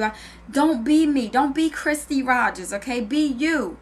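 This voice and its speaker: Southern lady vlogging, sassy and blunt, kinda high voice, motivational pep talk. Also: animated, moderate pace, a little hiss or hum. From New Jersey. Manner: sassy, direct, emphatic. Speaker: home business entrepreneur.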